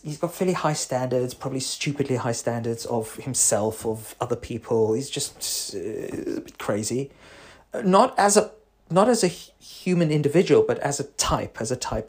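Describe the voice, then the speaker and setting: Husky man musing aloud as therapist. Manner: rambling, self-correcting, animated with sudden pitch jumps. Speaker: psychotherapist podcast host. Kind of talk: reflective monologue.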